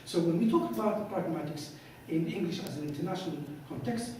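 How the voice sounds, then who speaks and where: A man's voice: fairly high pitch, fairly quick, mellow, a little hiss or hum. A man giving a lecture, telling anecdotes and acting out both sides of the dialogues, recorded in a hall from some distance. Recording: echoey hall, voice from far off.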